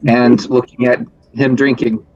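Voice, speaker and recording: A man playing in a tabletop game, talking in a quick, offhand, wisecracking way. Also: mid-range voice, little pitch movement, a little mellow. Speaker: player. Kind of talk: casual tabletop game talk. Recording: dull lo-fi recording.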